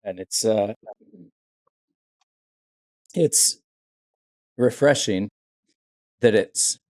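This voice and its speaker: A man's voice: on the low side, extremely slow. A podcast host speaking thoughtfully and hesitantly to his guest, searching for words. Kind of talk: casual interview chat.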